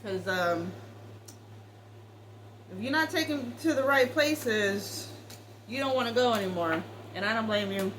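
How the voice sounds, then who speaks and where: A woman's voice: fairly high pitch, lively intonation, a little slow, pauses often, a bit bright, slight background noise, poor audio. A woman giving a casual tarot reading, talking straight to the viewer in a blunt, swearing way. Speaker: tarot reader.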